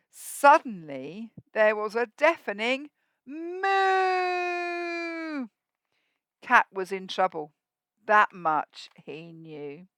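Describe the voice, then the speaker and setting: A woman teacher reading a rhyming picture book to young children at a school assembly, expressive and asking them questions so they join in. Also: on the high side, no room sound. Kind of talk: storybook read-aloud for young children.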